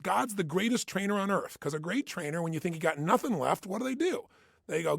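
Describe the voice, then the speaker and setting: A man's voice: high-pitched, animated, fairly quick, vocal fry, fairly bright tone, no echo, clean studio sound. A man giving an intense, emphatic motivational talk, hammering points with punchy repetition. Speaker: motivational speaker. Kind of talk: motivational self-help talk.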